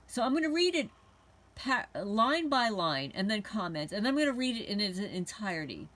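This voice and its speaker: A woman's voice: medium pitch, very animated, normal speed, fairly bright tone. A woman hosting a homesteading channel, talking to camera in a heated, indignant monologue and swearing now and then. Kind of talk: rambling angry monologue to camera.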